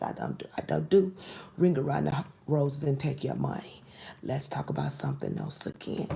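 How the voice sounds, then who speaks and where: Gravelly, blunt woman reading tarot. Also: a bass voice, huge pitch swings, normal speed, noisy background. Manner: blunt, exasperated, drops into whispered asides. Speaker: tarot reader. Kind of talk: casual tarot reading to camera.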